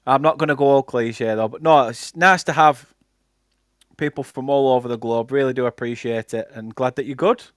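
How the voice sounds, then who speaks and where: Speaking at a moderate pace in a steady, mid-range voice, this young Englishman with a Lancashire accent does casual live match commentary for a fan channel. He chats with viewers and reads their comments between calls of the play. The sound is dry and clean, studio grade.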